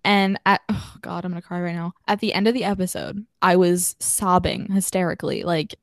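A young woman co-hosting a podcast in casual chat, animated and emotional, laughing often. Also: lowish voice, fairly quick, gravelly, no room sound, studio quality. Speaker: podcast co-host.

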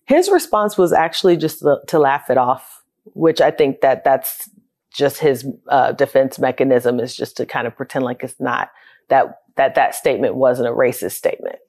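This interviewee, a childcare business owner in her thirties from South Florida, speaks at normal speed in a rumbling low, darkish voice. She tells her life story candidly and reflectively, in a conversational manner.

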